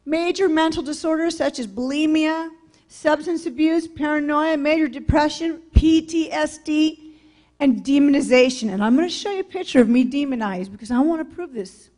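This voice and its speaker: A woman's voice: high-pitched, moderate pace, a little mellow. A woman from California giving a public talk in a blunt, candid storytelling manner. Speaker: speaker sharing her testimony. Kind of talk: public talk, personal testimony.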